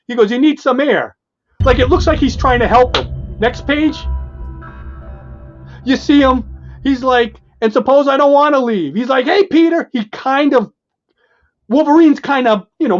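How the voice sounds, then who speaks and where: A man co-hosting a podcast, casually and excitedly walking through comic book pages and acting out the characters' lines. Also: very high-pitched, lo-fi sound. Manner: excited, retells panels and acts out the dialogue in quick bits. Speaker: podcast co-host.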